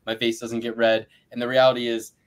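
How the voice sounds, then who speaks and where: A man co-hosting a podcast, ranting loudly and boastfully with big swings in pace and pitch and frequent laughter. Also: flat delivery, fairly quick. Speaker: podcast co-host. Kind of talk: profane ranting fight predictions.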